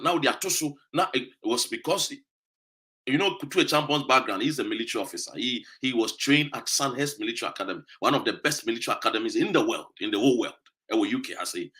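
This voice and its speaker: A man's voice: mid-range voice, pushed and bright. A Ghanaian man with a Ghanaian accent, giving an emphatic, accusatory political monologue that mixes English and Twi. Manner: switches between English and Twi, repeats "what you say?". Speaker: political commentator.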